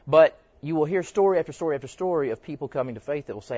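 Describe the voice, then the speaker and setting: A man's voice: on the high side, expressive, very fast, few pauses, dark tone, husky. Storytelling man teaching a class. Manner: conversational, tells stories, quizzes the audience. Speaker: church teacher. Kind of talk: teaching talk with stories. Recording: dull, dry lo-fi recording.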